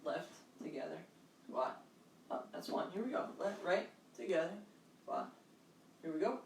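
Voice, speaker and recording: A woman's voice: fairly low pitch, huge pitch swings, normal speed, a little mellow. A woman fitness instructor leads a live online workout, upbeat and encouraging as she calls out steps and counts. Her voice sits in a mid range and carries a roomy echo, picked up by a microphone some distance away. A faint hum of background noise runs underneath.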